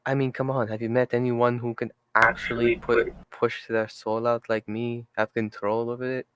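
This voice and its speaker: A man's voice: mid-range voice, level tone, normal speed, a bit bright, clean tone, close to an everyday voice. A man voicing an eager, earnest young male adventurer in a tabletop game.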